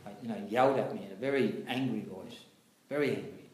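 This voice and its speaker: A man telling old stories in a casual chat, lively and acting out what others said. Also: lowish voice, fast talker, hardly any pauses. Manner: animated storyteller, acts out quotes, many fillers. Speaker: devotee recalling past. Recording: echoey room, faint noise.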